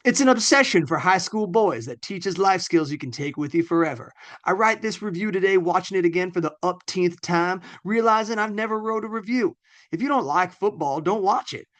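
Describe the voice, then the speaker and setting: A man's voice: sits high, expressive, brisk, fairly bright tone, pitched above the performer's own voice. A man voicing a blustering Southern man raving about football, in a put-on drawling Southern accent. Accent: put-on American Southern. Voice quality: drawling and emphatic.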